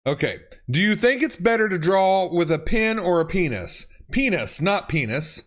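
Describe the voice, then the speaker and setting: This man, a YouTuber going through autocorrect fails, reads amusing texts out loud in a sing-song, high-sitting voice with a fairly bright tone at a moderate pace. He laughs a lot and punctuates lines with swearing and exclamations.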